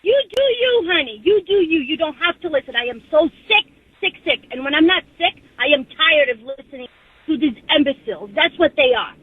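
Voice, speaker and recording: Lady calling in, really high voice, fired up, sounds like a phone call from a car. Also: expressive, a little fast, no room sound. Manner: fiery, blunt, indignant. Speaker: caller. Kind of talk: call-in radio rant. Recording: phone line.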